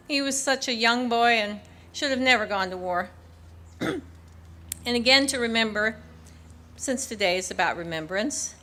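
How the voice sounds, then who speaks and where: An older woman speaks into a podium microphone at an outdoor memorial ceremony. Her voice sits a little high and sounds bright and clear. She talks in an earnest, measured way, with small restarts, as she reads parts of her speech. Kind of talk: public speech partly read from her book. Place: outdoor civic ceremony in a park.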